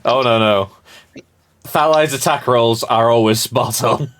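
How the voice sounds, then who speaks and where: A man's voice: medium pitch, measured pace, a bit bright. A man running a tabletop game as game master, narrating the scene and ruling on rolls in a rambling way with many fillers and frequent laughter.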